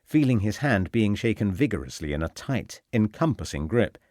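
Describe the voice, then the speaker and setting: Low, expressive male audiobook narrator. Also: moderate pace, dry recording, studio quality.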